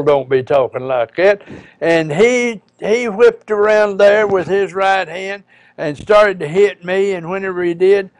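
A man, a preacher, telling a personal story in a folksy, halting way with frequent pauses and restarts. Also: sits high, gravelly, no echo.

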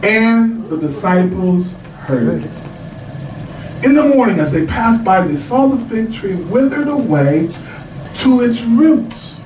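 Man preaching, very high voice, animated storytelling, echoey church sanctuary, distant mic. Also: slow, slight background noise. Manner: animated storytelling preacher, breaks into shouts and laughs. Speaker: pastor. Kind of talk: sermon.

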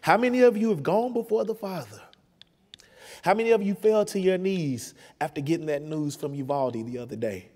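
Impassioned preacher with a slightly high voice. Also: male voice, lively intonation, moderate pace, slightly rough, big-room sound. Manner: impassioned, building from quiet to loud. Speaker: pastor. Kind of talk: sermon. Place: church sanctuary.

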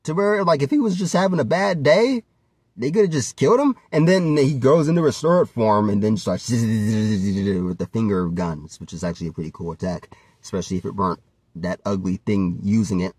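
A man's voice: lowish voice, normal speed, darkish tone, slightly rough, no room sound. A man giving a rambling, casual commentary, laughing often and swearing freely as he talks. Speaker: vlogger.

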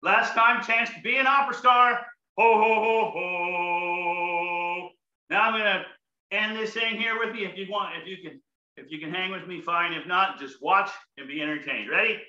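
A man leading a comedic laughter yoga session, his voice high, very bright and full of swoops as he jokes playfully with the audience. The recording sounds roomy and a bit dull. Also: a little fast. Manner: playful, upbeat, joking to the audience. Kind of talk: comedic exercise instruction.

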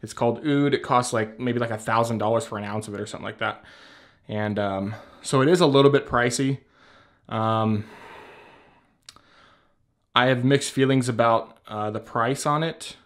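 Casual male vlogger, mid-pitched and unpolished, rambling chattily into a handheld camera. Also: normal speed, pauses often. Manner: rambling, chatty, swears casually, laughs often. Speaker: beard care vlogger. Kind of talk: casual product show-and-tell. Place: at home by a shelf. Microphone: handheld camera at arm's length.

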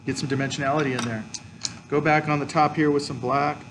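A man's voice: fairly high pitch, fairly even intonation, fast, noisy background. A man teaching a colored pencil drawing lesson, explaining each step as he works. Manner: explains step by step, frequent "okay". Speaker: art teacher. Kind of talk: drawing tutorial with demonstration.

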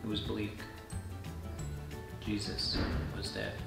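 A man's voice: lowish voice, completely flat delivery, slow, vocal fry, over music. Man reading scripture in an echoey room. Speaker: pastor. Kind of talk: scripture reading and short devotional.

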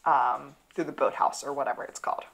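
A woman co-hosting a podcast, narrating an episode recap in relaxed casual chat with dry asides. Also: rumbling low, brisk, vocal fry, breathy edge. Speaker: podcast co-host.

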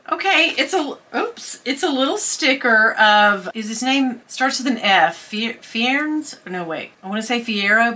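A woman's voice: medium pitch, pushed and bright. A woman, chatting casually to her viewers from home in a self-deprecating way as she opens advent calendars. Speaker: vlogger. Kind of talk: casual vlog chat. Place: at home, indoors.

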